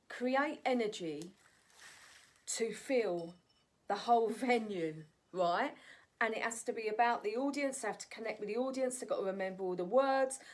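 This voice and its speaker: A woman vlogging in a chatty, ranting monologue, often tossing in "right?" asides. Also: mid-range voice. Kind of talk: casual opinion monologue.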